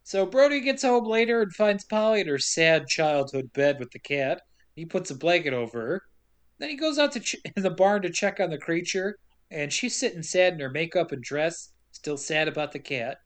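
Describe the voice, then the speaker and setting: A woman's voice: fairly low pitch, sing-song, moderate pace. Sarcastic woman recapping a movie. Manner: sarcastic, acts out characters in quotes. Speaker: podcast co-host. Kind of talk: casual movie recap chat.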